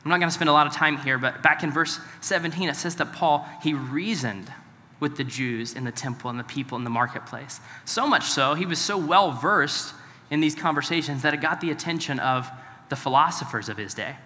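Male pastor, conversational sermon, bright forceful tone, a touch high, long hall reverb. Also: brisk, slight background noise. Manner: conversational, asks the congregation questions.

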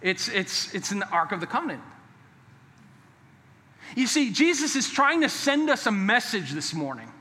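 A man with a high, bright voice preaches a sermon in a church sanctuary. He is emphatic and conversational, and at times his delivery drops to a hushed, earnest tone. Long hall reverb trails each phrase. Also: very animated, normal speed, pauses often. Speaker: pastor.

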